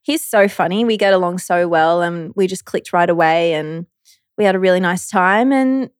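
A woman's voice: on the low side, moderate pace, clear, resonant tone, dry recording, studio quality. A young woman co-hosting a podcast, an easygoing, supportive storyteller in casual chat. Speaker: podcast co-host.

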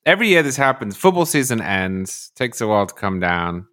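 A man's voice: lowish voice, very animated, brisk, fairly bright tone. A man on a podcast panel chatting casually in a wry, self-mocking way.

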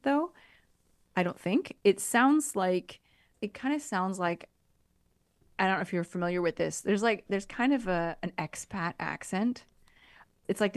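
Lady podcaster rambling on, kinda low voice, dry close sound. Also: dry recording. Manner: chatty, rambling explanations with many fillers. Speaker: podcast co-host. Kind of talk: casual chat.

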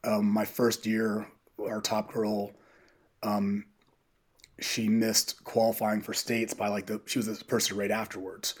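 Male coach, lowish husky voice, chatty and animated storyteller on a podcast. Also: unhurried. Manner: animated, quotes people in dialogue. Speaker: high school coach, podcast guest. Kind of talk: casual interview storytelling.

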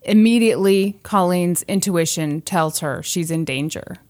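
Unhurried and on the low side, this woman's voice carries a creepy true tale she tells on her podcast. The chat is casual, and she's a lively narrator who impersonates the people she quotes.

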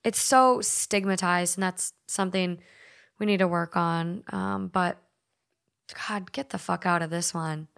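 A woman's voice: on the low side, fairly even intonation, measured pace, creaky, fairly bright tone, clean tone. A woman from Minnesota hosting a podcast, chatting loosely and reading stories aloud, with lots of "like" and frequent swearing. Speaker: podcast host.

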